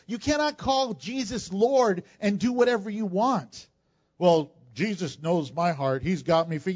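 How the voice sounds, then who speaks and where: A male pastor delivers a sermon to his church in a high, lively voice that stays animated the whole way through, shifting between scripture readings and plain talk. The recording has a dull, lo-fi sound.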